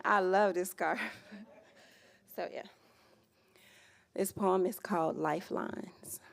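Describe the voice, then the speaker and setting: A woman performing spoken word poetry live with an emphatic, rhythmic delivery and pauses that hang between phrases. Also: medium pitch, steady tone, vocal fry. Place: community music venue, live performance. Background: guitar playing.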